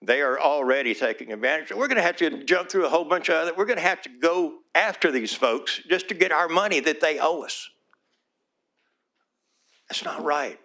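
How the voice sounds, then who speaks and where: This man, a small-town mayor, pleads earnestly during public comment at a city council meeting, growing emotional as he keeps repeating his requests. He speaks fairly quickly with few pauses, in a sharp tone at a fairly high pitch.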